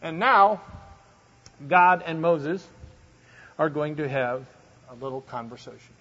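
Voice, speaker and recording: A man's voice: fairly high pitch, slow pace, fairly bright tone. A man teaching a Bible study, reading scripture aloud with dramatic emphasis and explaining it in a conversational way. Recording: dull lo-fi recording.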